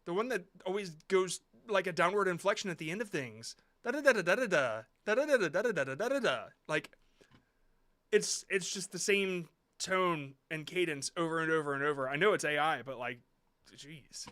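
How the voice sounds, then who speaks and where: A man's voice: on the high side, normal speed, bright, forceful tone, clear, resonant tone. A man hosting a live stream, reviewing viewer shorts in blunt, rambling casual talk with some swearing.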